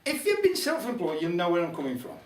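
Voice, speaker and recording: Older Black Country male storyteller, wry and chatty; high, animated voice in a roomy hall, distant mic. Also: fast talker. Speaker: folk club storyteller. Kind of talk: humorous storytelling to a live audience. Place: folk club room.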